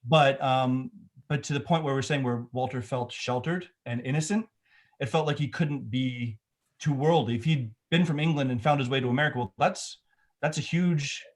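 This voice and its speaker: A middle-aged film director talks in a casual remote interview, thoughtful and rambling, restarting often. His voice is medium-pitched at normal speed.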